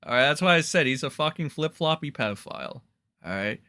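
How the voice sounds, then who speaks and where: A man's voice: on the high side, lively intonation, a little slow, gravelly, bright, forceful tone, dry recording, clean studio sound. A man hosting a livestream, mocking and ranting with constant swearing and lots of "like" and "all right". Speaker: livestream commentary host. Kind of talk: profane reaction commentary.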